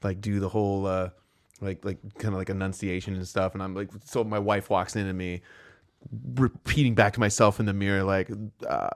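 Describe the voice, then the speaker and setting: Low-voiced guy hosting a podcast, goofy and loose, keeps laughing and doing voices. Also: flat delivery, brisk. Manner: loose and joking, laughs often, drops into voices. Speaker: podcast host. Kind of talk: casual comedic chat.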